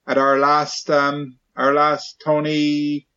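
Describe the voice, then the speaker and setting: A man's voice: medium pitch, moderate pace, a bit bright, muffled recording, faint music behind. A man hosting a podcast, chatting casually and playfully, firing off questions. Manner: playful, keeps asking questions and doing silly voices. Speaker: podcast host. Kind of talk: casual chat.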